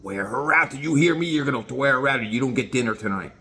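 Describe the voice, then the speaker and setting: A man voicing a stern man giving a dog orders, low and gruff. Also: lively intonation, fast talker, bright, forceful tone.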